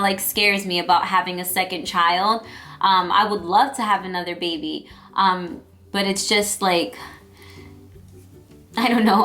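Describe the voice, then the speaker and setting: A woman's voice: mid-range voice, bright, forceful tone. A young woman telling her birth story as a vlogger, chatty and emotional, with lots of fillers. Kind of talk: personal storytelling vlog.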